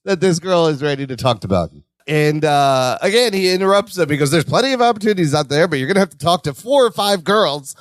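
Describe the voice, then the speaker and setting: A man's voice: fairly high pitch, expressive, fast, hardly any pauses, no room sound, studio quality. A man co-hosting a podcast, chatting casually and animatedly as he recaps a sitcom episode, laughing often. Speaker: podcast co-host.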